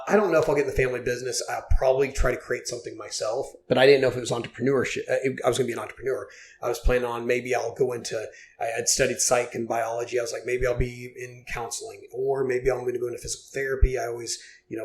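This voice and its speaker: Forties man, podcast guest, mid-pitched, heartfelt and earnest, full of you-knows. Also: a little hiss or hum. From Oklahoma. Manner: earnest, heartfelt storytelling with many fillers. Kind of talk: casual podcast interview.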